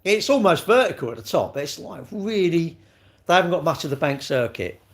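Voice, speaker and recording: A man's voice: on the high side, big pitch swings, a little fast. A man, chatting bluntly with viewers on a livestream, swearing freely and calling everyone mate. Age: 60s. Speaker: livestream host. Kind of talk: casual chat reading live comments.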